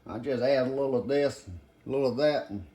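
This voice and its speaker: Talking fast in a warm, mid-range voice, an older man cooks in his home kitchen for a casual demonstration. His manner is folksy, calling the audience "guys" while he works, and the faint sounds of sizzling and clattering pots fill the background.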